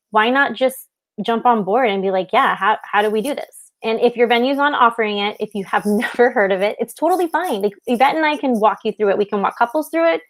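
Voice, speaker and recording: A woman co-hosting a casual live stream about wedding planning, talking with passion in quick bursts. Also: medium pitch. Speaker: wedding business co-host.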